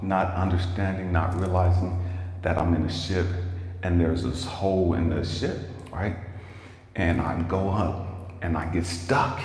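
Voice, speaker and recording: Deep-voiced man telling a story in an echoey room. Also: darkish tone. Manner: emphatic, casual, swears freely, talks straight to viewers. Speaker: life coach and motivational speaker. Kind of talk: livestreamed motivational storytelling. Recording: echoey room with long reverb and faint noise.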